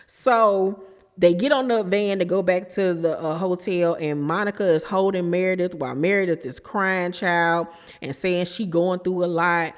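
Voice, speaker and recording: A woman's voice: fairly low pitch, unhurried, long reverb tail. A woman hosting a reality TV recap, telling the drama in a sassy, gossipy way and calling her listeners honey and child. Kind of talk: casual recap commentary.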